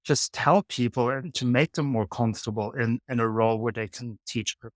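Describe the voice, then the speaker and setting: A man's voice: mid-range voice, steady tone, a little fast, dry recording, studio quality. A man hosting a podcast, asking a question in a hesitant way and answering with short agreeing words. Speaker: podcast host. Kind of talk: casual interview. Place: hostel room.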